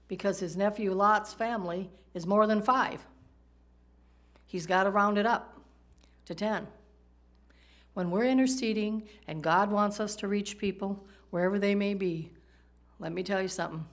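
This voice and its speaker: A woman's voice: mid-range voice, a little slow, pauses often. A woman preacher giving a sermon, explaining Hebrew words and telling jokes along the way.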